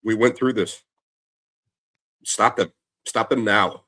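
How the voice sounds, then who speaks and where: A man's voice: on the low side, slow, sharp tone. A man from Canada in a casual chat, talking in a blunt, sardonic way.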